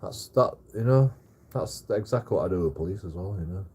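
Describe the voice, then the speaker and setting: A man's voice: low voice, expressive, brisk, a little mellow, breathy edge. A man telling a rambling story on a livestream, swearing heavily and repeating himself.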